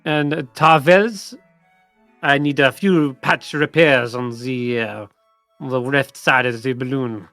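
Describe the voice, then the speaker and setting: A pompous male frog nobleman holds court with grandiose satisfaction in a tabletop game, voiced by a man. His voice sits a little raised and brighter than plain talk, in a dry room. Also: mid-range voice, no echo. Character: pompous male frog duke, balloon inventor.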